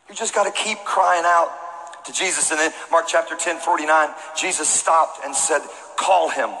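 A man delivers a storytelling sermon to a church crowd, animated and comic, now and then shouting for effect. His voice is bright and slightly high. Faint room noise sits underneath. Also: long reverb tail, rough recording. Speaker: pastor. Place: church auditorium with congregation.

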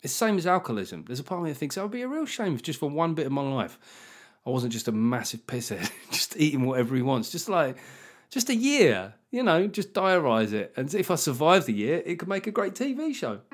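A middle-aged man hosting a comedy podcast alone, talking in a sweary, self-mocking way with animated asides. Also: mid-range voice, a little fast. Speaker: podcast host. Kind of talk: solo comedy podcast monologue.

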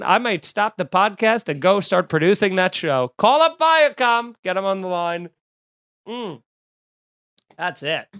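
Male podcast host, comedic and animated, dry close mic. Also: sits high, dry recording. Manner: animated, jokey storytelling with sudden loud outbursts. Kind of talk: casual comedic podcast chat.

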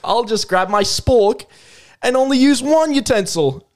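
A man doing a hammy fake-Australian pitchman. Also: lively intonation, unhurried. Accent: put-on Australian. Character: young man hamming a mock Australian ad pitchman.

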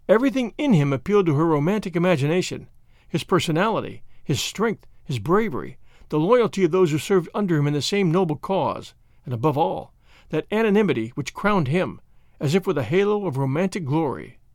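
A man narrating a classic novel with an expressive, dramatic reading. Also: on the high side, no echo, studio quality. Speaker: audiobook reader.

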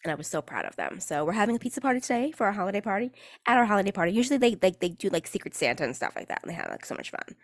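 A woman's voice: medium pitch, big pitch swings, racing, no room sound, studio quality. Sarcastic chatty New woman. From New York. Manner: sarcastic, chatty, swears casually, many fillers. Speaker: podcast host and cheerleading coach. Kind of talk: casual solo podcast chat.

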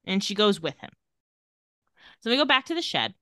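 Her voice high-pitched, a woman co-hosting a podcast recaps a TV episode casually and with animation, acting out quoted lines from the characters. She talks at a moderate pace and pauses often, recorded in a clean studio with no echo.

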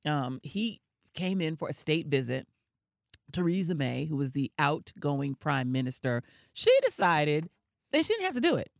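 A woman co-hosting a casual chat podcast, telling stories in an animated, gossipy way. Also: deep voice, normal speed, vocal fry, no room sound, clean studio sound. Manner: animated storytelling, gossipy asides. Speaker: podcast co-host.

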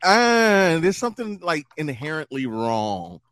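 Animated joking male show host. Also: on the high side, a little slow, dry recording, clean studio sound. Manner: animated, joking, keeps cutting in. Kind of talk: casual profane banter.

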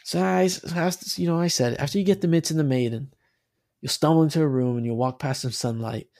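A man co-hosting a casual podcast, rambling about a video game with animated, swearing talk and many restarts. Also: on the high side, fast talker, dry recording, clean studio sound. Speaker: podcast co-host.

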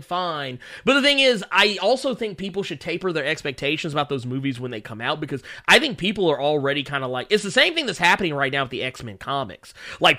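Animated man ranting in a bright voice. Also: a little high. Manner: animated, ranting, profane, laughs often. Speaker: livestream host. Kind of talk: casual livestream commentary.

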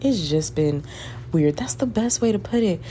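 Here a young woman with a Southern US accent, a podcaster in her twenties, chats on her own in a medium-pitched, animated, mellow voice at normal speed. She rambles candidly, swearing and laughing, and there's slight background noise.

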